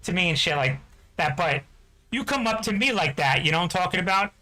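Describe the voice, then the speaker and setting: A high-pitched man from New Jersey tears through an angry, profane rant at a rapid clip. His bright, sharp voice presses hard, looping back to the same fillers again and again. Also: lively intonation, low-quality recording. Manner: profane, heated, repeats "you know what I'm talking about". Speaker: game streamer. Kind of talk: angry ranting chat.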